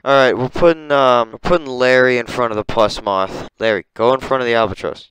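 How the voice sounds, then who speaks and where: A young man doing casual reaction commentary from his bedroom, excitable and swearing, swinging between low mumbles and loud disbelief. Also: a little fast, hardly any pauses, slight background noise. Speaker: streamer ranking animals.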